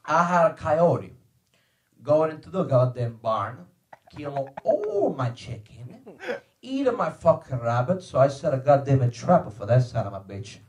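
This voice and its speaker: A man's voice: mid-range voice, wildly swooping pitch, a little slow, pitched below the performer's own voice. A man doing a blustering dad. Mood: grumbling. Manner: broken English, blustering, shouting profanity. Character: hot-tempered immigrant father, older man, crude and stubborn. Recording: echoey room with faint noise.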